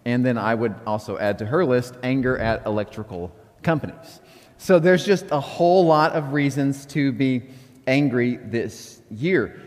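A man's voice: medium pitch, lively intonation, measured pace. A middle-aged man, preaching a sermon as a pastor, telling candid, self-deprecating stories with chuckles. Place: church sanctuary. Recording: long reverb of a church hall.

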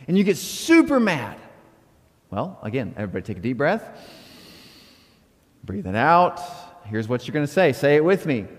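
A fairly high-pitched man preaching to his church in a casual, animated way. His voice carries a long reverb from the hall around him, and he slips into quoted inner dialogue as he goes. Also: moderate pace, long pauses. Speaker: pastor. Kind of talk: sermon. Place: church auditorium.

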